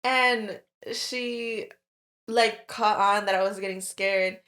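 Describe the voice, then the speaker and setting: A woman's voice: medium pitch, steady tone, slow pace, fairly bright tone. A woman co-hosting a podcast, telling a long story in casual chat with lots of fillers and swearing. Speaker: podcast co-host.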